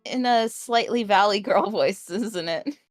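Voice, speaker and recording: A woman chatting casually with friends on a stream, cracking teasing deadpan jokes. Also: mid-range voice, measured pace, dry recording, clean studio sound, faint music behind. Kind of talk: casual chat.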